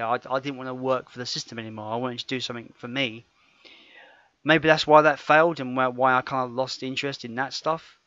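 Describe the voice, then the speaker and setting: A man's voice: mid-range voice, pushed and bright, no echo. Rambling, laughing man, dry lo-fi sound. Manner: rambling, self-correcting, laughs often. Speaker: podcast co-host. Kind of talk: casual podcast chat. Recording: dull lo-fi sound.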